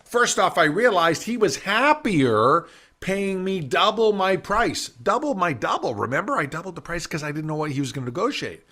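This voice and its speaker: A middle-aged man, a business speaker, telling a story in a summit talk in an animated way and acting out the voices he quotes. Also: high voice, moderate pace. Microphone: video call.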